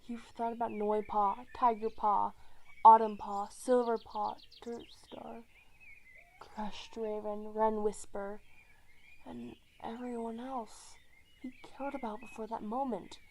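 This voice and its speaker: A woman narrating a fan story at an unhurried pace, sometimes correcting herself mid-word. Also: a little high, little pitch movement, creaky. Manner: unhurried reading with self-corrections.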